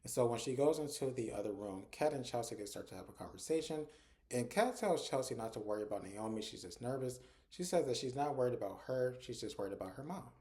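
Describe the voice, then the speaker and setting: A man's voice: medium pitch, lively intonation, fast talker, warm tone. A man casually recapping a TV episode scene by scene, chaining events together with "and so" and "like" as he goes. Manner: retells scenes conversationally, often with "and so" and "like". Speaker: TV episode reviewer.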